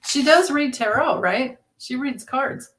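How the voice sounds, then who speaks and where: A woman's voice: high voice, lively intonation, unhurried, fairly bright tone. A woman with a Southern accent co-hosting a tarot livestream, chatting casually, reading viewer comments and laughing often.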